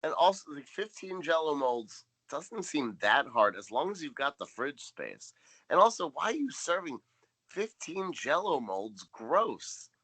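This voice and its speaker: A man's voice: on the high side, big pitch swings, a little slow, fairly bright tone. A man co-hosting a podcast in casual chat, making dry, joking asides. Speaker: podcast co-host.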